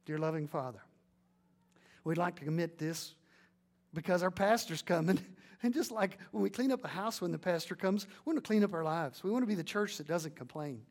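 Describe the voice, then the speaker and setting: A man's voice: high voice, fairly quick. A man preaching a sermon with emphatic delivery and many rhetorical questions, then leading a prayer.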